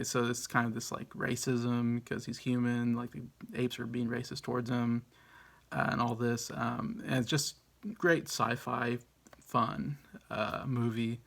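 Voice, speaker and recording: Gravelly flat-voiced man reviewing movies. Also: medium pitch. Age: 30s. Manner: rambling, lots of ums and uhs, restarts. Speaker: movie review channel host. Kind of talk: casual movie review monologue.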